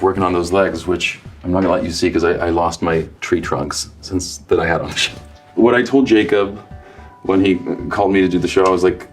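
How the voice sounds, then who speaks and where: A Canadian man, an actor, talking in a relaxed, thoughtful way, often restarting his sentences. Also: sits low, roomy sound. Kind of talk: casual talk to camera.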